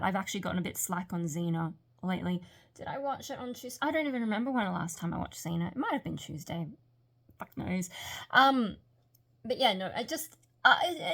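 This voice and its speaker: A woman's voice: medium pitch, a bit bright. Rambling woman vlogging late at night. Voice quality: slightly hampered speech from a retainer. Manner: rambling, candid, self-reflective. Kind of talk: late-night vlog monologue.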